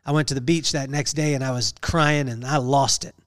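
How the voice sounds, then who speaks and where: A man hosting a podcast, telling an emotional personal story in an earnest, halting way with many fillers. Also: mid-range voice, fairly even intonation, no echo, studio quality. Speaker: podcast host.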